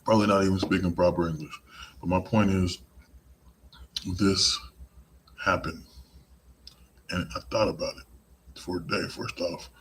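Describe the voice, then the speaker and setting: A man's voice: low-pitched, a little hiss or hum, poor audio. A man hosting a live-streamed podcast, delivering an emphatic, profane monologue. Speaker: podcast host.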